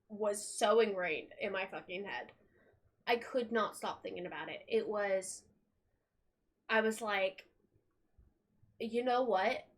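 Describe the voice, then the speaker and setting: A young woman streamer chatting loosely to her viewers, with a slightly high voice. She talks at an unhurried pace, rambling from thought to thought. She swears freely and laughs along the way. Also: fairly bright tone. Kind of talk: casual chat.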